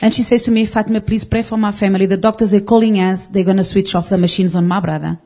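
A woman tells her testimony before a congregation in a mellow, warm voice. She speaks earnestly, restarting sentences and phrasing things loosely as the story pours out. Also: medium pitch, steady tone, quick pace. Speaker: congregation member giving testimony. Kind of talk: personal testimony.

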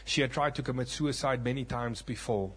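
Husky preacher man telling a testimony. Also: medium pitch, brisk. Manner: dramatic storytelling, acts out voices, swings from loud to hushed. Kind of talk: sermon testimony.

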